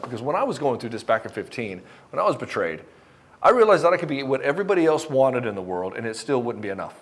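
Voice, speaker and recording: Fast-talking profane male coach. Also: medium pitch, expressive. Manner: blunt, profane, passionate, acts out both sides of dialogues. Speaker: dating and divorce coach. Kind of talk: direct-to-camera motivational talk.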